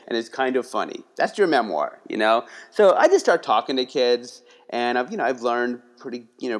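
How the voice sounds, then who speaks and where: A man from the Philadelphia area talking casually in an interview, rambling with many restarts and tags like "you know" and "right". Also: mid-range voice. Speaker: guest, writing workshop leader.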